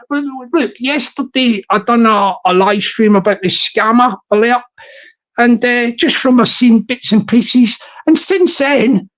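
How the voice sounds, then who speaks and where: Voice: mid-range voice, highs cut off. A livestream host giving casual commentary to chat viewers, rambling and repeating phrases with many restarts. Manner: effusive greetings to chat viewers.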